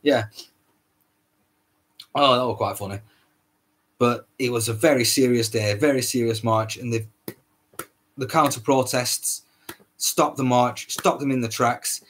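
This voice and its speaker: A man's voice: medium pitch, unhurried, long pauses, a bit bright, slight background noise. A man hosting a solo podcast, ranting in a heated, repetitive way, swearing often and stumbling over his words. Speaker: podcast host.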